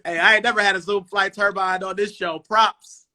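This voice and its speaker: A man in his forties from Cleveland hosting a casual sneaker talk show over a video call, relaxed and rambling. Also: sits high, normal speed. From Cleveland, USA. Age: 40s. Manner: relaxed, rambling, lots of "um" and "you know". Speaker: podcast host. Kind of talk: casual chat. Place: home dining room.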